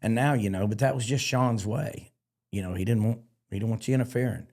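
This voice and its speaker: A man's voice: lowish voice, brisk, a little mellow. A man, a podcast guest and former rodeo barrelman, telling stories in a casual interview and acting out the voices of people he quotes.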